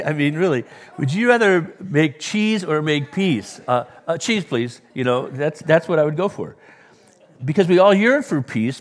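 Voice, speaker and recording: A pastor from Southern California preaching a sermon, his middle-pitched voice ringing through a long-echoing hall. He jokes with the congregation, with loud bursts and trailing quiet asides.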